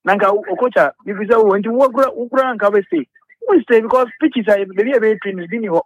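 A man's voice: high voice, fast talker, no echo, rough recording. A man calling in to a radio sports show, airing a passionate, rambling complaint with many hesitations and restarts. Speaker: caller.

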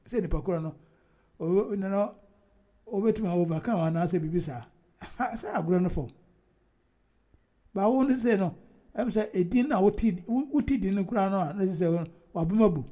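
Husky high-voiced man chatting about football. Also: fairly quick, long pauses. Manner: animated, talks over the other speaker, laughs often. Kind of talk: casual chat about football.

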